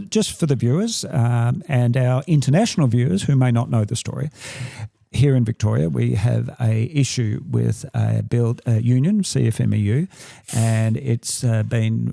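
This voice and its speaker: Australian male co-host, gravelly and mellow, dry close sound, animated and emphatic. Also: mid-range voice, no echo. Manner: animated, emphatic, with frequent restarts. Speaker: podcast co-host, deception expert. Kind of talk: casual podcast chat.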